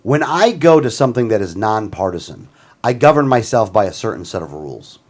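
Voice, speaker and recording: A man's voice: lowish voice, very animated, brisk. A man co-hosting a talk show, talking bluntly and emphatically with frequent restarts. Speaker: co-host. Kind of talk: casual talk show chat.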